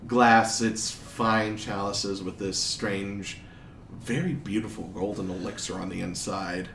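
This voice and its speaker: A man narrating a tabletop game as game master, unhurried and amused. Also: fairly low pitch, steady tone, creaky, fairly bright tone, distant mic. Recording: roomy, noisy.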